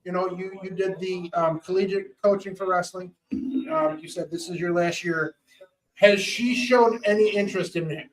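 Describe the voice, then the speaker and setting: A man's voice: high-pitched, steady tone, normal speed, poor audio. A man co-hosting a podcast, chatting casually and asking loose, rambling questions with restarts. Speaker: podcast co-host.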